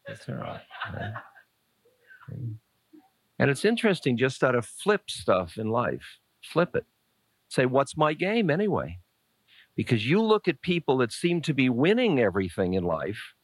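A man's voice: medium pitch, dry recording. Man musing through a dry, close spiritual talk. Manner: musing, conversational, playfully blunt. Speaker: spiritual teacher. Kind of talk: informal spiritual talk answering a question.

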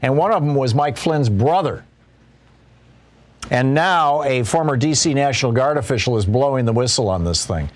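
A man's voice: mid-range voice, lively intonation, moderate pace. A man hosting a political talk show, commenting casually with frequent restarts and mocking asides. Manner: conversational, restarts often, mocking quoted voices.

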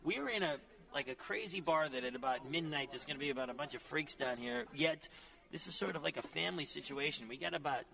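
A man hosting a podcast, chatting excitedly and casually from a busy bar. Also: fairly high pitch, quick pace, vocal fry. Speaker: podcast host. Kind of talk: casual chat.

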